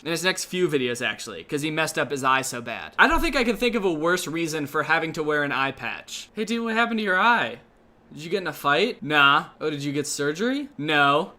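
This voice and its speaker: A young man giving sarcastic, deadpan comedic commentary on online videos, with sudden loud outbursts. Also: fairly high pitch. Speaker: commentary youtuber.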